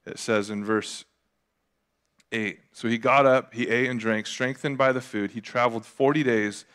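A young adult man preaching a sermon as a pastor, casual and confessional, with lively acted asides. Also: medium pitch, moderate pace, clear, resonant tone.

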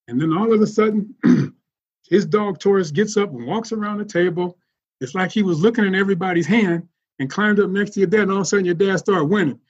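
A man telling animated stories as a podcast guest, laughing often as he goes. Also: high-pitched, fairly quick, breathy edge, muffled recording. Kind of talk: casual storytelling.

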